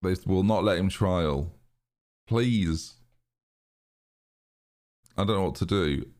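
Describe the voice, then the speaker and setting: A man streaming a football management game live, chatting excitedly to his viewers and laughing often. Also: low-pitched, takes it slowly. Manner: excitable, chatty, talks to chat. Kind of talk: live gaming commentary.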